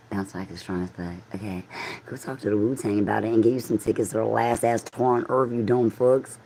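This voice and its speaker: A woman's voice: very deep voice, a little mellow, poor audio. A woman livestreaming a rambling, profane monologue, jumping from one thought to the next and talking straight at her viewers. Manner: profane, free-associating, talks straight at viewers.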